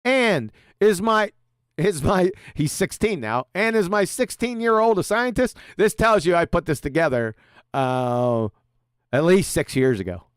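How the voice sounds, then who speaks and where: A man's voice: sits high, animated, measured pace, clear, resonant tone, no room sound, clean studio sound. A middle-aged man hosting a livestream, lecturing sarcastically and firing off rhetorical questions. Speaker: show host. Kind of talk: lecture-style livestream monologue.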